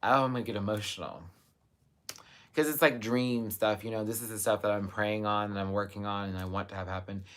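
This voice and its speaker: A young man hosting a live stream, reading viewer comments and chatting casually, with sudden high exclamations and bursts of laughter. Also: fairly even intonation, fairly quick, fairly bright tone.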